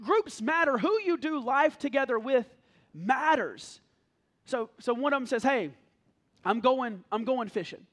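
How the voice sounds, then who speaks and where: A man, preaching a conversational, joking sermon to his congregation. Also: extremely high pitch. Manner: animated, conversational, jokes with congregation. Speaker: pastor. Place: church sanctuary.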